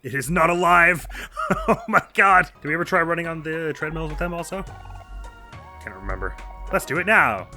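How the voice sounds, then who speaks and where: A man's voice: on the high side, animated, a little fast, long pauses, sharp tone, faint music behind. A man commenting casually on a video game as a let's play host, laughing often and reading the game text aloud.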